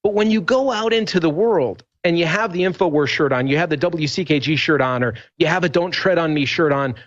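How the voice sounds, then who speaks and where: A fairly high-voiced man tells stories in a rambling, emphatic way on a talk show. The audio is dull and lo-fi, like a broadcast feed. He keeps restarting sentences as he pushes his point. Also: a little fast. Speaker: radio host guest. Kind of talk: animated talk show conversation.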